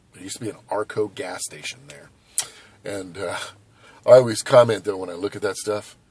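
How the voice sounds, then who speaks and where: A man in his forties from Southern California, chatting casually and rambling to camera as a vlogger, hyperactive and animated, outdoors at a skate park. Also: fairly low pitch, breathy edge, no echo. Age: 40s. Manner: hyperactive, animated, loose and conversational with many asides.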